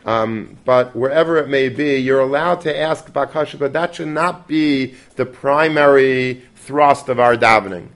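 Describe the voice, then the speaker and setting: A man's voice: medium pitch, unhurried, hardly any pauses, a bit bright. A man teaching a Torah class in a conversational way, dropping Yiddish and Hebrew terms and restarting often.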